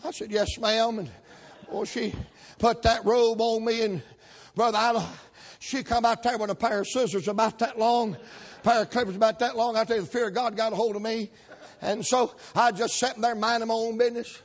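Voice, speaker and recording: A preacher with a strikingly high-pitched voice, a man spinning a folksy tale in his sermon. He drawls along, then breaks into loud shouts. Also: steady tone, moderate pace. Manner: folksy storytelling with sudden shouted climaxes. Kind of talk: revival sermon storytelling.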